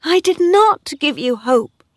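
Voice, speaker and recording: A spirited young woman farmer, voiced by a woman reading the story aloud. She speaks high and slowly, her pitch rising and falling with feeling. The sound is close and dry. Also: lively intonation, dry recording. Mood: pleading. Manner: earnest, pleading, emotional.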